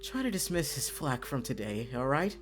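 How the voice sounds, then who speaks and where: A soothing gentle young man, as a streamer reads him. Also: mid-range voice, big pitch swings, moderate pace, slight background noise, natural voice. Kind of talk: reading a visual novel aloud.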